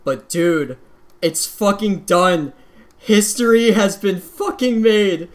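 Laughing through tears and out of breath, a woman gamer curses nonstop while describing her result in a thrilled, casual vlog. She's crying with joy, her medium-pitched voice moving at a slow pace.

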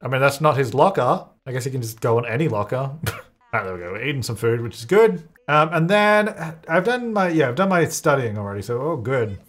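A man's voice: medium pitch, sing-song, brisk, a bit bright. A young man chatting while playing a life-sim game, laughing often and slipping into brief silly voices for the characters. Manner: chatty, laughs often, jumps between playful put-on voices. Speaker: gaming video creator.

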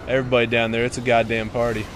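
A young man commentating his own gameplay, excitable, swearing and shouting at teammates. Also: mid-range voice, racing.

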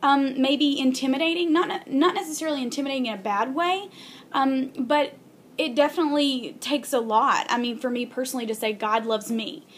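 A woman's voice: high-pitched, slight background noise. Earnest young woman sharing a faith story. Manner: earnest, halting, many ums and restarts. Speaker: video blogger. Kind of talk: casual faith vlog, heartfelt storytelling.

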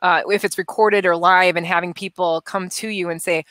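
A young adult woman, an actress and producer, chatting as a guest and telling lively stories with frequent laughs. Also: fairly low pitch, normal speed, dry recording. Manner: animated storyteller, laughs often. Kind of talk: casual interview chat.

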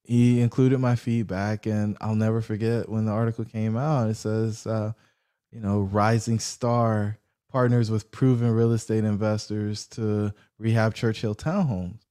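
A man being interviewed as a guest, telling a long story with lively pitch swings and acted-out quotes. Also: unhurried, clear, resonant tone. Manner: animated storyteller acting out quoted voices. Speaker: guest, real estate investor.

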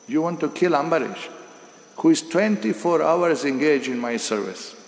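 Guy giving a temple talk, kinda high voice, lots of echo, acts out the story lines. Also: moderate pace. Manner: animated, acts out dialogue with many restarts. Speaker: lecturer on scripture. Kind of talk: devotional lecture with storytelling. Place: temple hall. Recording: echoey hall with long reverb.

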